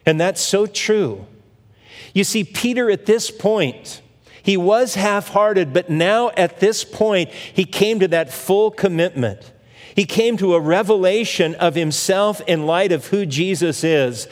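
A man preaching a sermon and telling stories from scripture, acting out each figure's lines as he goes. His voice sits a little high for a man. A long hall reverb trails behind every phrase. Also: slow pace. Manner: storytelling preacher who acts out the scripture voices. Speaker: pastor.

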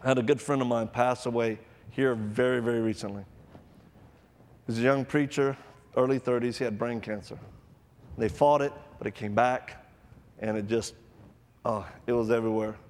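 A man preaching a sermon to a live audience, telling stories with acted-out voices and loud bursts, then leading an altar call. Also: mid-range voice, steady tone, normal speed, pauses often, long reverb tail.

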